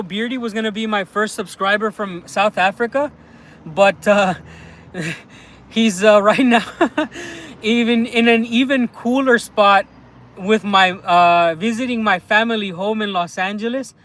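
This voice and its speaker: Excitable high-voiced man livestreaming outdoors. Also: measured pace. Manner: excitable, rambling, lots of fillers. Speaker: vlogger livestreaming. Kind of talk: casual livestream chat. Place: outdoors on town streets. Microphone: handheld phone livestream.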